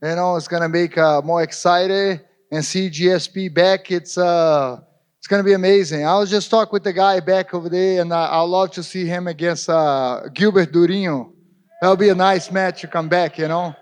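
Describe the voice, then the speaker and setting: A man on a fighters' panel answering in halting, loosely built English. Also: high voice, steady tone, clean tone. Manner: halting, non-native grammar.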